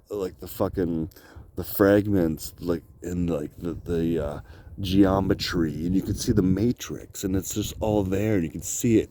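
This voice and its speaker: A man's voice: deep voice, mellow. A sleep-deprived man rambling into a handheld camera outdoors by the water, profane and laughing often. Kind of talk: rambling outdoor video diary. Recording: outdoor ambience noise.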